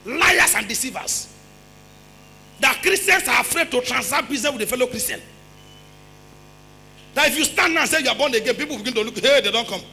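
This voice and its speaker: A Nigerian-accented man preaches a sermon in a very high, sharply bright voice, hammering points home by repeating phrases and firing rhetorical questions, now and then rising to a shout. His voice rings out with a long reverb tail in a church hall, with soft music faintly underneath. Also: expressive, fast, pauses often, slight background noise. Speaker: pastor.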